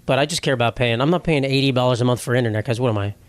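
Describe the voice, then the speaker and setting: A man's voice: mid-range voice, racing, no echo. A young man hosting a casual solo podcast, rambling with crude jokes and silly voices for quoted people. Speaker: podcast host.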